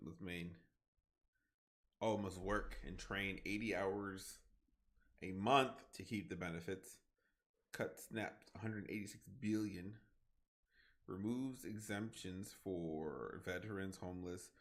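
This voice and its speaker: A man in his twenties streaming a game, reading aloud haltingly and then rambling loosely with lots of fillers. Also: low-pitched, a bit bright. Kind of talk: casual livestream commentary while gaming.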